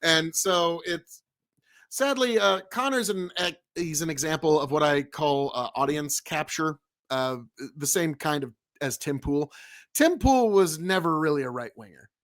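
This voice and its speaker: A male streamer talks live to his chat in a rambling, emphatic way, circling back and repeating his points for weight. His voice sits a bit higher than most men's. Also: animated, measured pace, a bit bright.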